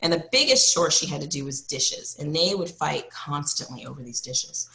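A woman psychologist speaking as an interview guest, with a low, gravelly voice and a forceful, bright edge. She tells stories with energy and slips into acting out the people in them. The sound is echoey, as if recorded in a roomy space. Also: normal speed. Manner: lively storyteller, often acts out quotes. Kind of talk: casual interview conversation.

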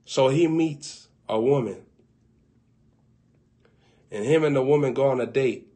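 A man preaching, telling a comic story in an animated, colloquial way. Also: medium pitch, measured pace.

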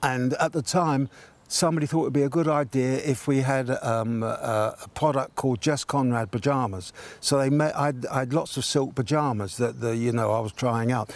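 A man's voice: medium pitch, fairly even intonation, moderate pace. An older man telling a funny story in a chatty way, laughing as he goes and acting out the voices of the people in it. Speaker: guest telling an anecdote. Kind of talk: casual storytelling.

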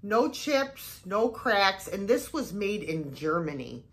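Older woman, thrift haul vlogger, slow unhurried speech, chatty, lots of exclamations. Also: medium pitch, sing-song. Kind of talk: casual show-and-tell haul video.

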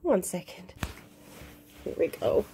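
A woman vlogger unboxing a package, excitable and quick to swear and laugh. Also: noisy background. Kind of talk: casual unboxing vlog.

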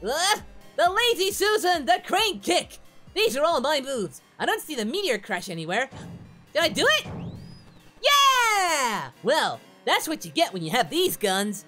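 Doing a full character voice of Goku, the cheerful, dim-witted adult martial-arts hero, a performer gives excitable, childlike commentary on a game in a comedic let's-play parody, calling himself by name in the third person. The voice is high, bright, and forceful, with wildly swooping pitch at an unhurried pace, full of giddy shrieks and whoops. Soft music plays in the background.

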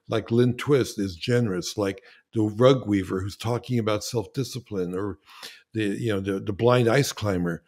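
A man who is a filmmaker guest on a podcast, speaking in a lively, enthusiastic way with frequent restarts. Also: lowish voice. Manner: animated, enthusiastic, with frequent restarts and acted-out quotes. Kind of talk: casual interview conversation.

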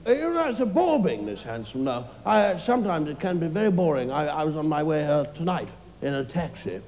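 A man's voice: a little high, very animated, a little fast, darkish tone. A man playing a vain, preening man who boasts about his looks in a smug, self-satisfied way, live on a comedy club stage. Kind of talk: live stand-up character comedy. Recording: reverberant live venue, faint ambience.

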